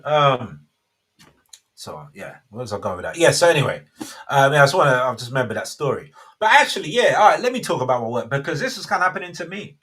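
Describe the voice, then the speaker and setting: Husky, rambling man. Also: on the high side, pushed and bright. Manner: rambling, self-interrupting. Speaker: host. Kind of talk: casual faith talk.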